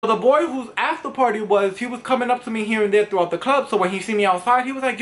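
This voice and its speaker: Animated young man telling a story. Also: sits high, fast. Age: 20s. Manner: animated, profane, dramatic, acting out other people's voices. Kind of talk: casual storytime. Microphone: camera vlog setup.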